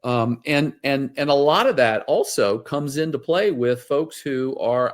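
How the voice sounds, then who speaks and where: A middle-aged man talks through client stories as a guest, circling back on himself with fillers and restarts. His pitch climbs when he gets excited about the story. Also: a little slow, hardly any pauses. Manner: rambling, animated storyteller with many fillers. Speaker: wealth advisor guest. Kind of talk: casual interview storytelling.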